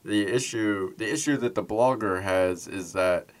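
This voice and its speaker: A man co-hosting a podcast, calmly clarifying points in a casual debate. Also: on the low side, measured pace. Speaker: podcast co-host.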